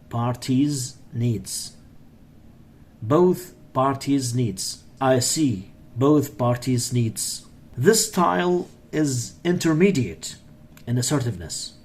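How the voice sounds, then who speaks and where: Slow, husky man teaching English words. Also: mid-range voice, darkish tone. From Iraq. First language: Arabic. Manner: repeats words and phrases slowly, adds example sentences. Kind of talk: slow vocabulary lesson, reading and repeating words.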